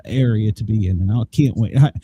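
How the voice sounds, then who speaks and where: A man's voice: lowish voice, a little fast, dark tone, a little hiss or hum. A man hosting a casual podcast, rambling with many fillers. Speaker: podcast host.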